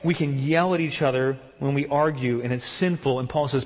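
Emphatic male preacher in a reverberant hall. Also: fairly quick. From partly German heritage. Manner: emphatic preaching, jumps up in pitch when mimicking excuses. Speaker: pastor. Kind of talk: sermon.

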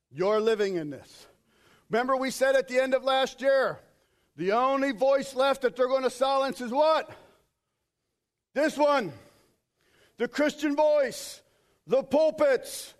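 Male pastor, very high voice, sermon delivery with loud bursts and hushed asides. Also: lively intonation, unhurried, long pauses. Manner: preaching with sudden shouted quotes and quiet asides.

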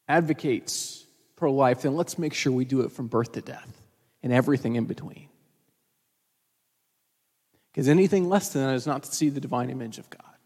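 A man preaching from the pulpit with a fairly high voice, earnest and conversational, as if talking straight to the congregation. His words ring out with the long reverb of a church sanctuary. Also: a little mellow. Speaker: pastor. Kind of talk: sermon.

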